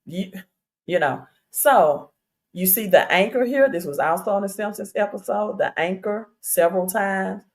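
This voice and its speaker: Talking straight to her viewers through a streaming setup, a female crypto livestream host speaks at medium pitch and a moderate pace, casual and chatty but insistent, using fillers and asking the same questions again.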